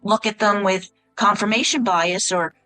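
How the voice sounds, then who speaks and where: A woman's voice: mid-range voice, moderate pace, pushed and bright, faint music behind. A middle-aged woman hosting a podcast, talking with a guest in an enthusiastic, chatty way. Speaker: podcast host. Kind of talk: conversational podcast interview.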